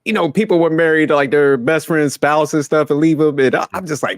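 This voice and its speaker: A laid-back man leading a podcast chat, acting out what people said as he tells it. His voice is middle-pitched, and it sounds dry and close with no room around it. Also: fast, hardly any pauses, no room sound. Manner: laid-back storyteller, animated quoting. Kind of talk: casual chat.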